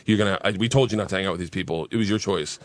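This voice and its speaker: A man's voice: deep voice, racing, dry recording, pitched below the performer's own voice, close to an everyday voice. A man voicing a stern, flustered woman teacher who scolds and stammers. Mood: scolding.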